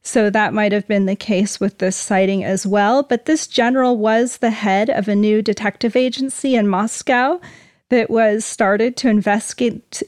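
A woman's voice: medium pitch, darkish tone, no echo, clean studio sound. A woman co-hosting a podcast, reading her notes in a casual, good-humored way. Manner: good-humored, laughs easily. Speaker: podcast co-host.

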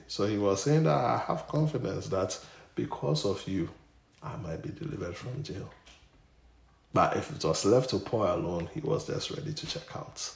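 Gravelly-voiced preacher in an echoey room. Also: male voice. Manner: emphatic, rising to loud bursts then dropping low. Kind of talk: sermon. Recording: echoey room with faint noise.

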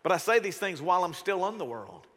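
A man preaches from a stage mic in a church auditorium, his voice high and bright. He talks casually and with lots of life, often putting on other people's voices. Long reverb trails off each phrase. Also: very animated, fast, breathy edge. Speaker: pastor. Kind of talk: sermon.

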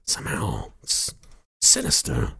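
A man doing an impression of an unsettling male movie star, speaking slowly, with odd pauses and a quietly threatening tone. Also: dry recording. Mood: eerie menace. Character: eerie, halting male movie star, calmly menacing.

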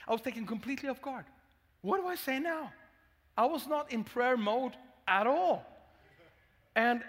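A Swedish-accented male pastor tells a humorous, candid story from the pulpit. His voice sits high for a man. A long hall reverb trails after every phrase. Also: fairly bright tone. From Sweden. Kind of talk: sermon.

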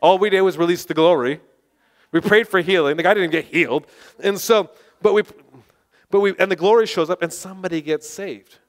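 High-voiced, passionate male preacher. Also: a little fast. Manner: passionate, excitable, bursts of shouting. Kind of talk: sermon testimony storytelling.

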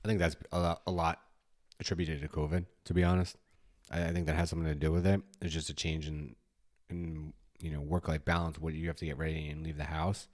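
A man in his forties co-hosts a podcast about fatherhood, chatting casually with an extremely low voice and a fast delivery. He's an animated storyteller who acts out his own scolding.

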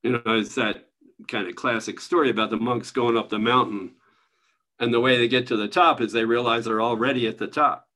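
Over a video call, a man leads an online spiritual study group, teaching in a relaxed, conversational manner and chuckling often as he assigns readings. His voice is mid-range and a little fast.

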